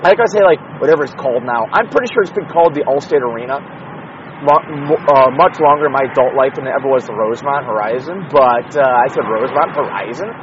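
A man's voice: mid-range voice, fast talker, muffled recording. A young man talking casually and profanely about fighting, in a rambling way full of asides, recorded in his car with the window open. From Chicago area, United States. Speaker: podcast host. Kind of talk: casual solo MMA commentary. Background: traffic and street noise.

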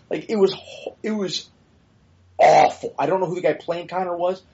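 A man's voice: high-pitched, normal speed, vocal fry, a little mellow, highs cut off. A man co-hosting a podcast in casual, opinionated chat, blunt and swearing freely with rambling asides. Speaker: podcast co-host.

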